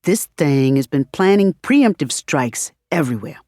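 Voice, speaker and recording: A woman narrator voicing a blunt, sharp-tongued woman in an audiobook. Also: low voice, very animated, measured pace, no echo, studio quality. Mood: wry.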